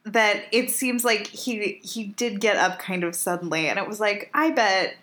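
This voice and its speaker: A woman in casual chat as podcast co-host, animated and laughing, acting out quotes from the show. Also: mid-range voice, moderate pace.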